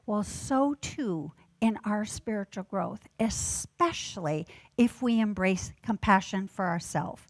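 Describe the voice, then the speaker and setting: Woman, minister, sermon, unhurried delivery, gently measured storytelling, dry close sound. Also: medium pitch, no echo.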